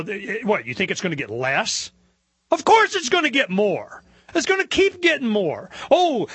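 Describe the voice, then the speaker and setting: A man hosting a talk show, telling a story in an animated, indignant rant that climbs in pitch as he gets worked up. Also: husky, no echo. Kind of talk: opinionated monologue.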